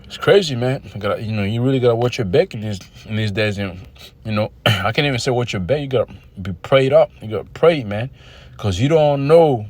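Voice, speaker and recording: A man vlogging in a casual, animated rant, telling street stories full of profanity and quoting scripture. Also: mid-range voice, brisk. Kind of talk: casual ranting monologue. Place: Australia.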